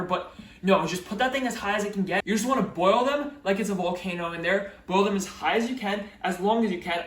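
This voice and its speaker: Chatty high-voiced man in an echoey kitchen. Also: fairly bright tone, distant mic. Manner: chatty, playful, jokey asides to viewers. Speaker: cooking vlogger. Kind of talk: casual cooking vlog. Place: home kitchen.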